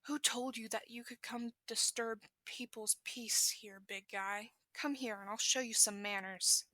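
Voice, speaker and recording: A woman's voice: a little high, steady tone, a little slow, bright, forceful tone, dry recording. A woman voicing a confident female hero who mocks a rampaging villain. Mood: taunting. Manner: cocky, taunting.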